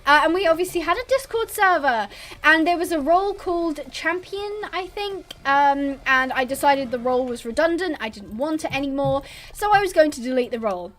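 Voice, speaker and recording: This livestream host is a young woman whose high-pitched, animated voice moves fairly quickly with a fairly bright tone. British and born abroad on a military base, she chats in a rambling way, reads chat messages aloud, and laughs a lot.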